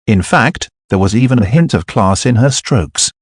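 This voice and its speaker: Low-voiced male audiobook narrator. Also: expressive, moderate pace, breathy edge, no room sound, clean studio sound. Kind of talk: audiobook narration of a web novel.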